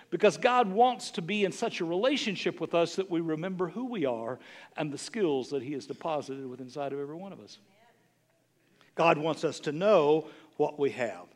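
A man's voice: fairly high pitch, expressive, fairly quick. A middle-aged man preaching a sermon as a bishop, snarky and conversational, teasing his listeners.

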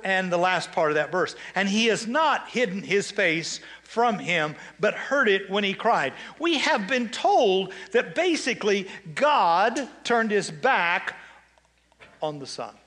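A male pastor preaching a sermon, reading scripture slowly, leading call-and-response and dropping in joking conversational asides. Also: high voice, big pitch swings, fairly bright tone.

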